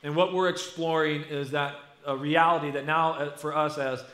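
Middle-aged pastor preaching in an echoey church. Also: male voice, a little high, normal speed. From United States. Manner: conversational, animated preaching. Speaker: lead pastor. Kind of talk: sermon. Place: church sanctuary.

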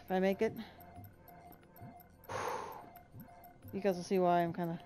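A young woman commentating her gameplay, getting frustrated, swearing and yelling as she plays. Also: level tone, unhurried, faint music behind. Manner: frustrated, swearing, pitch jumping into yells. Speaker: gaming video creator.

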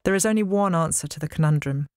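A woman's voice: low-pitched, fast talker, darkish tone, no room sound, clean studio sound. A woman voicing a scheming, commanding queen of the gods. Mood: imperious. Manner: commanding, snappish.

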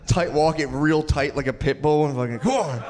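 A man's voice: on the high side, darkish tone, in a large hall. A man doing improvised stand-up, brashly teasing the crowd and swearing freely. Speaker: stand-up comedian. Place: comedy club stage.

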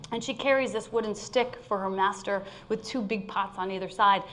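A woman's voice: medium pitch, little pitch movement, fairly quick, hardly any pauses, fairly bright tone, slight background noise. A woman giving an informal spiritual sermon, conversational and laughing often as she tells a story. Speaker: spiritual speaker.

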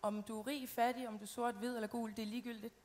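A woman's voice: a little high, level tone, very fast, a little mellow. A young woman pageant contestant answering on a live stage, enthusiastic, in flowing run-on phrases.

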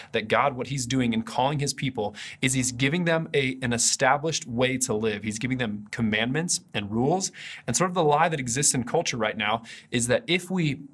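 A pastor gives a conversational sermon for an online video, recorded on a camera mic. His voice is medium-pitched, fairly bright, and husky, and he speaks earnestly, frequently restarting his sentences.

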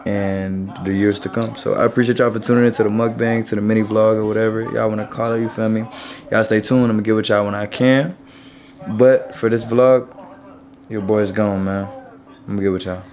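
A man's voice: on the low side, level tone, fairly quick, a little mellow. A man hosting a casual vlog, laid-back and talking straight to his viewers. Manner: laid-back, laughing, repeats "you feel me". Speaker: vlogger host. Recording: crowd noise behind.

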